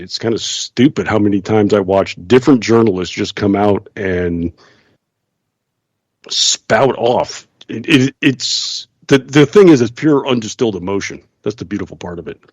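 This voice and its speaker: A man's voice: lowish voice, expressive, moderate pace, husky, no echo, dull audio. A man hosting a casual radio talk show, sarcastic and laughing often as he mocks other people's voices. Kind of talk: casual chat.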